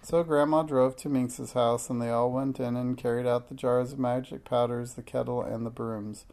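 A man's voice: mid-range voice, little pitch movement, moderate pace. A man reading a children's storybook aloud, giving the characters light voices. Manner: gentle, reads children's dialogue with light voices. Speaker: narrator.

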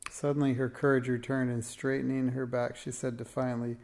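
A man narrating a children's storybook as an audiobook reading, in a steady, plain storytelling manner. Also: medium pitch, fairly quick, vocal fry.

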